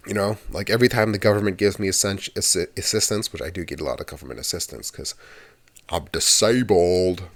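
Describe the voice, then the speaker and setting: A young man with a deep, low-pitched voice talks in a loose, meandering way, hosting his ASMR channel. He drifts from point to point in a chatty monologue and swears casually now and then. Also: a bit bright.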